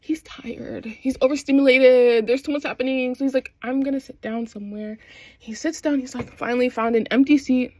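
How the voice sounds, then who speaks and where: A woman's voice: high voice, steady tone, a little fast, hardly any pauses, warm tone, slight background noise. A young adult woman in casual chat, recapping a TV show with slangy phrasing and frequent laughs. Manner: chatty, slangy, laughs often while recapping. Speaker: vlogger.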